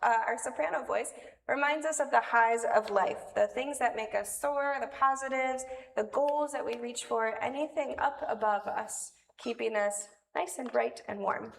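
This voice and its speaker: A woman with a fairly high, creaky voice leads the children's time in a worship service at normal speed. She chats playfully and warmly with the kids, letting out small laughs. The recording is echoey and distant, with faint noise.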